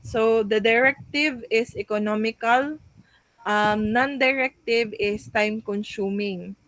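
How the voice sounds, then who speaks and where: A woman's voice: a little high, a little slow, fairly bright tone, dry recording, poor audio. A young woman giving a class report, hesitant, with frequent fillers and restarts as she reads out points. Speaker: student presenting a class report.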